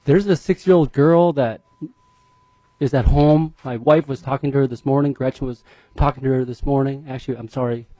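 A man's voice: mid-range voice, steady tone, mellow, no echo, muffled recording. A man testifying as a parent at a legislative hearing, earnest and emotional, often repeating himself as he speaks. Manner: earnest, emotional, halting repetitions. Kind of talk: public testimony.

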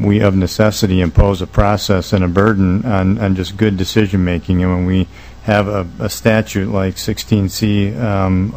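A male state legislator speaking at a committee hearing, earnest and measured, halting with many fillers as he proposes an amendment. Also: sits low, a little mellow, low-quality recording.

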